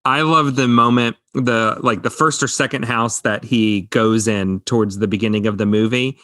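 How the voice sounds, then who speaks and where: A man's voice: mid-range voice, fairly even intonation, moderate pace, fairly bright tone, no echo, clean studio sound. Enthusiastic man reviewing a movie. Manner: enthusiastic, quotes film lines. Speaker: podcast co-host. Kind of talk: casual movie review chat.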